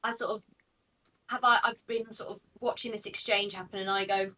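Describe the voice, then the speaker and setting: A woman's voice: mid-range voice, fairly even intonation, fairly quick, sharp tone, rough recording. A woman playing in a tabletop game, talking casually and hesitantly. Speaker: player.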